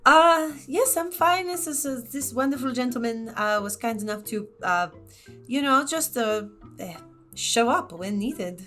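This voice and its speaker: A woman plays her character in a tabletop game, hesitating and filling gaps as she speaks. Her voice sits a little high and sounds bright. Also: animated, a little slow, soft background music. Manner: hesitant, many fillers. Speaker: player. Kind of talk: in-character role-play.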